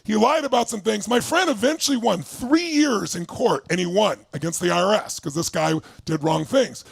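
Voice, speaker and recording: A man telling a motivational story, acting out the people in it and sometimes shouting for emphasis. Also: sits high, normal speed, creaky, husky, dry recording, studio quality. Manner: animated, acts out quotes, shouts for emphasis. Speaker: motivational speaker.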